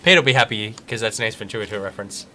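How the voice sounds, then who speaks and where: Here a man speaks very fast, his voice on the low side and pushed and bright. Streaming a game live, he chats casually, reads the game's text out loud, and jokes about what happens.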